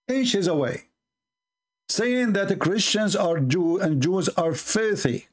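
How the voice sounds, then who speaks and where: Speaking slowly with long pauses, a man with a high, expressive voice hosts live religious commentary on video clips. His tone is indignant and emphatic, with words repeated for stress.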